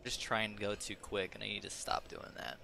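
A man's voice: fairly low pitch, little pitch movement, a little fast, creaky, sharp tone, a little hiss or hum. A young man casually commenting on his own gameplay, muttering and swearing at enemies. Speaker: gameplay streamer.

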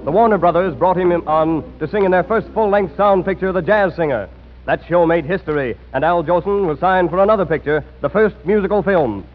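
A man's voice: sits high, brisk. A man narrating a scripted radio program as announcer in a formal, declamatory manner. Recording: tinny 1930s radio broadcast with music.

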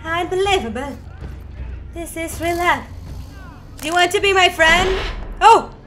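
Excitable high-voiced woman gaming commentator. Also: a little slow, a little hiss or hum. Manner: excitable, swears a lot, shouts at the screen. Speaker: gaming video host. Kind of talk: let's play commentary. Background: game music and sound.

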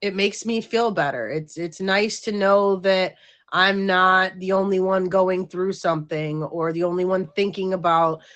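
A woman's voice: lowish voice, steady tone, unhurried, a bit bright. A middle-aged woman hosting a livestream show, talking in a frank, rambling, casual way and laughing easily. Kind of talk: casual chat.

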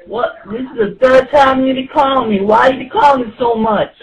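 A man putting on a shrill, puzzled caller who complains slowly on the phone. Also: poor audio.

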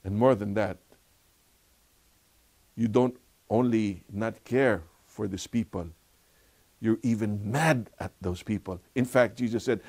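A man's voice: lowish voice, slow pace, long pauses, a little mellow. A man teaching a Bible lesson in a conversational way, asking rhetorical questions and laughing often. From Philippines. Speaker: Sabbath school teacher.

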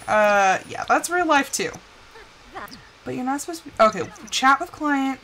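A woman's voice: high-pitched, expressive, normal speed, pushed and bright. A young woman streaming a life-simulation game, chatting casually, laughing often and talking to the characters on screen. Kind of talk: casual live-stream commentary.

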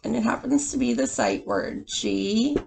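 A young woman teacher reading a picture book aloud to small children, with expressive sound effects and questions to the class. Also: medium pitch, a little slow, vocal fry, slight background noise.

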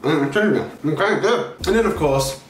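A young man hosts a food taste-test vlog in an animated, exclaiming way, his pitch jumping around. His voice sits a little high. The room is echoey, with faint music underneath. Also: slow pace. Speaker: YouTuber host.

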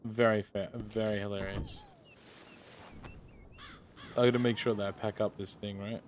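A man's voice: fairly low pitch, level tone, normal speed, slight background noise. A man streaming a video game, chatting casually, reacting and thanking followers. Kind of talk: casual chat while gaming. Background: game music and horse hooves.

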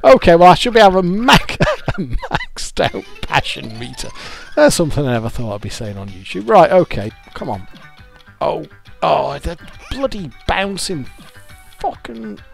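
A man's voice: a little high, huge pitch swings, normal speed, vocal fry, faint music behind. A British man swearing and grumbling in exasperation as he gives gameplay commentary on a YouTube video. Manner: swearing, exasperated, self-mocking.

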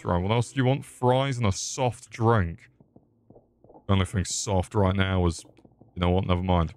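A man's voice: low voice, fairly even intonation, moderate pace, soft background music. Foul-mouthed male game streamer. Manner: crude, swearing, jokey. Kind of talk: casual gaming commentary.

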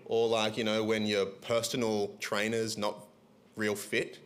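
A man with an Australian accent preaching a sermon in a church, talking in a relaxed, conversational way and acting out the people in the story. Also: lowish voice, measured pace. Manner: conversational, animated storytelling with voiced asides.

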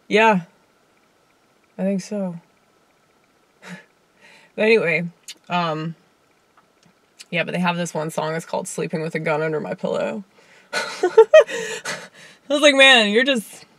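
A woman's voice: fairly low pitch, fairly bright tone, no echo. A woman with a Southern US accent, a comedian rambling in a casual monologue with lots of fillers and chuckles. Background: faint piano keyboard playing.

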